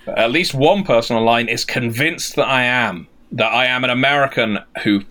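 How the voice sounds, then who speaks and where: A man's voice: medium pitch, normal speed, sharp tone. A British man co-hosting a podcast, chatting casually in a wry, rambling, self-deprecating way. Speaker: podcast co-host.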